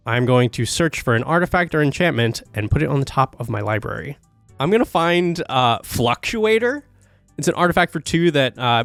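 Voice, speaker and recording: A man's voice: medium pitch, dry recording. A man explaining his card plays with wry humor during a tabletop game. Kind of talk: casual tabletop game chat.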